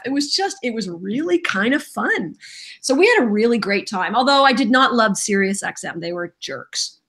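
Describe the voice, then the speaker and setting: A woman's voice: mid-range voice, brisk. A middle-aged woman voice actress from Canada, telling stories in a casual interview and acting out the quotes. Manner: animated storyteller, acts out quotes. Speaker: voice actress guest.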